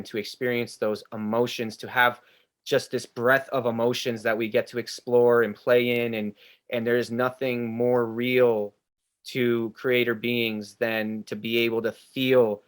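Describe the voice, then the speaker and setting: A man hosting a spiritual group ceremony over a video call. He speaks earnestly and reflectively and reads participants' comments aloud. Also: mid-range voice. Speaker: ceremony host.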